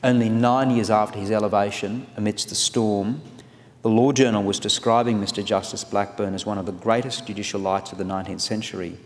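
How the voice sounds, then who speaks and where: Guy in his 40s reading out a formal lecture, lowish voice, big echoey hall. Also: fairly even intonation. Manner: measured, scholarly delivery with occasional restarts. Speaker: guest lecturer on legal history. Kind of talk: formal public lecture read from a paper. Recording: long reverb of a lecture hall.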